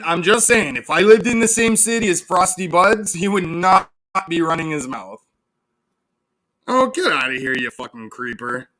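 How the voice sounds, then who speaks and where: A man's voice: high-pitched, bright, forceful tone. A man hosting a livestream, ranting sarcastically and with lots of swearing while reading chat aloud. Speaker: livestream host. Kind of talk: casual livestream rant.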